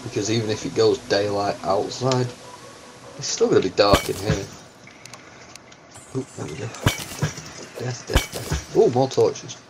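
A man's voice: lowish voice, a little slow, long pauses, background noise. A man giving let's-play commentary on a game, exclaiming and yelping as things happen. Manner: excitable, yelps and exclaims at game events. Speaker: gaming channel host. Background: game music.

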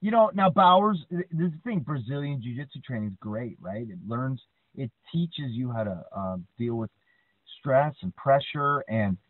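A man with a medium-pitched voice speaks at a normal speed, co-hosting a casual podcast. Chatty and animated, he tells stories and repeatedly tags remarks with "right?". The dry, tinny sound resembles a phone line, with no room sound.

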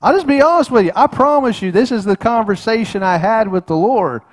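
Folksy middle-aged male pastor, slightly high voice, earnest sermon delivery with frequent restarts. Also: expressive, fairly quick, few pauses. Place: church sanctuary.

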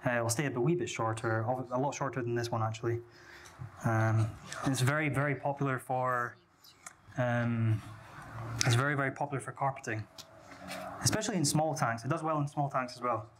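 A young Scottish man leading an aquascaping workshop, explaining each step in a relaxed way while he plants, with lots of fillers and restarts. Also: mid-range voice, normal speed. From Scotland. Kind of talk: live hands-on demonstration. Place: indoor workshop venue. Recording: noisy room ambience.

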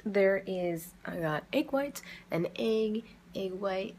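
A woman's voice: mid-range voice, animated, takes it slowly, darkish tone, slight background noise. A young woman vlogging to a handheld camera in a chatty, rambling way, swearing freely as she talks about her day. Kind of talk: casual vlog chat.

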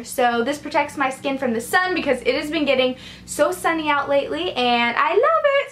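A woman's voice: sits high, a bit bright. A young woman vlogging about her favorite products in a bubbly, gushing, upbeat way. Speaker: beauty vlogger. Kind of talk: casual chat to camera. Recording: echoey room.

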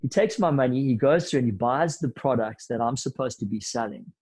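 A man in his thirties, a podcast guest telling anecdotes in a lively, casual way with bits of slang. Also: medium pitch, a little fast, rough recording. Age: 30s. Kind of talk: storytelling in a podcast interview.

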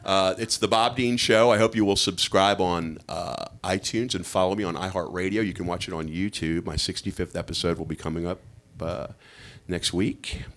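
A middle-aged man performing a chatty stand-up comedy set on a club stage. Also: moderate pace. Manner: lively, chatty, jumps into high-pitched voices for bits.

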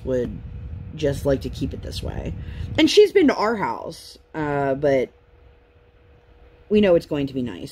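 A woman's voice: low-pitched, slight background noise. A woman in her thirties chatting casually at home while she crafts, rambling through her week. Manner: rambling, chatty, lively storytelling. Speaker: craft vlogger.

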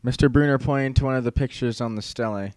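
A man's voice: medium pitch, fast talker, darkish tone, no echo. Man narrating an audiobook. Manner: first-person storytelling, wry.

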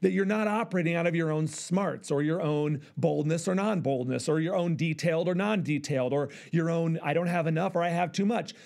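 A middle-aged male pastor preaching, acting out voices in an animated way. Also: a little high, fairly quick, gravelly, few pauses. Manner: animated, acts out dialogue with God. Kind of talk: sermon.

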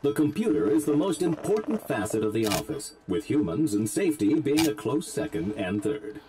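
An actor voicing a dry, deadpan male narrator who explains office life in a video game. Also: medium pitch, normal speed, background noise, lightly acted.

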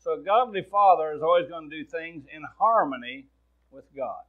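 A man's voice: on the high side, expressive, normal speed, phone-quality sound. A man with a Midwestern American accent preaching a sermon, speaking in a folksy, plain-spoken way and talking directly to his congregation. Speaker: pastor.

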